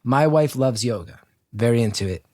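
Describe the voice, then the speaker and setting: A man's voice: mid-range voice, normal speed, dry recording, clean studio sound. A man telling a story on a podcast over a video call, acting out the people in it and swearing freely. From North Jersey. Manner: animated storyteller, acts out quotes, swears freely. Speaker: guest co-host.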